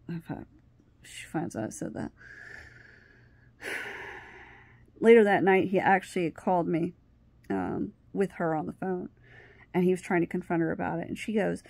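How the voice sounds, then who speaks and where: A woman's voice: fairly low pitch, unhurried, vocal fry, pauses often, no room sound. A woman telling a personal story in a casual way, acting out what people said and often restarting her sentences. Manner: animated, acts out what people said. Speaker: vlogger.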